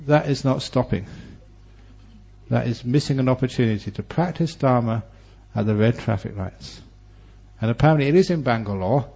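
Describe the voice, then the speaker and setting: A man's voice: medium pitch, moderate pace, gravelly, breathy edge. Give me a man teaching Buddhism through funny stories, in a dull, lo-fi recording. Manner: animated storyteller with humor and varied delivery. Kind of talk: Dharma talk with storytelling.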